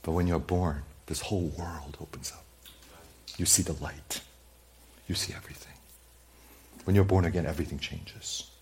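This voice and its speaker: A man preaching a sermon in a church, talking straight to the congregation and swinging from loud emphasis to hushed, near-whispered asides. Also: sits low, fairly even intonation, normal speed, pauses often, a little hiss or hum. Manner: conversational, speaks straight to the congregation with questions. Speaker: pastor.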